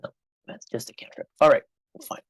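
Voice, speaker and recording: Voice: brisk, no room sound, low-quality recording. A player in a tabletop game chatting casually, with jokey, playful banter.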